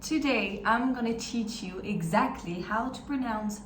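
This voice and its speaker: A cheerful woman language teacher, her voice on the high side, guides learners through pronunciation step by step and slowly demonstrates each sound with encouragement. Recorded a little off-mic in an echoey room, the clip has faint ambience and slight background noise.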